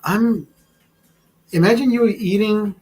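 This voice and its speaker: A man's voice: sits high, slow, a little mellow, faint music behind, poor audio. A man hosting a livestream chat, telling crude, rambling stories full of swearing and calling viewers brother. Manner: addresses viewers as brother and bro. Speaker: livestream host. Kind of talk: casual chat.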